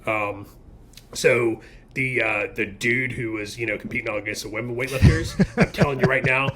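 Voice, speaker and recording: A man's voice: mid-range voice, normal speed, bright, forceful tone. A man co-hosting a podcast, talking bluntly in a rambling way with lots of filler words. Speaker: podcast co-host. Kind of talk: casual opinionated chat.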